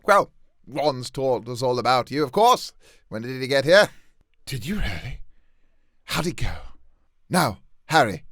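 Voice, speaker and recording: A man's voice: mid-range voice, no echo, studio quality. A man voicing a kindly middle-aged wizard father who asks eager, curious questions. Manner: eager, inquisitive.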